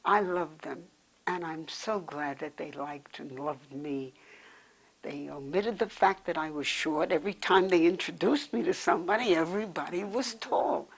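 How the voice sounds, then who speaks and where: Older woman from New York, low husky voice with gravelly fry, reminiscing interviewee. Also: normal speed, low-quality recording. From New York City. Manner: rambling, backtracking reminiscence. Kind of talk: oral history storytelling.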